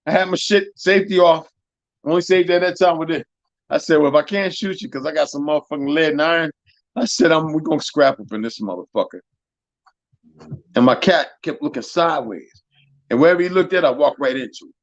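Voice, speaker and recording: A man hosting a live stream, telling stories in a profane, animated way that swings from loud to soft. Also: fairly high pitch, a little fast, no room sound, dull audio. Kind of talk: casual storytelling chat.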